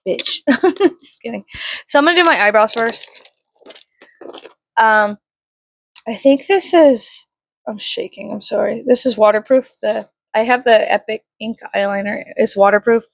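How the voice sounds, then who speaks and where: Tired, swearing woman with a gravelly voice. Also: a little high, measured pace, pauses often. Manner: tired, swears often, self-mocking. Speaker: vlogger. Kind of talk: casual early-morning makeup vlog.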